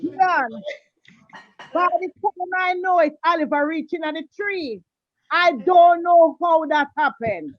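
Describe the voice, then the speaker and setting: A woman speaks warmly, calling people darling and honey over a video call. Her voice is high, and the audio is dull and dry. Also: a little slow, dry recording. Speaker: guest. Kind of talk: casual video call chat.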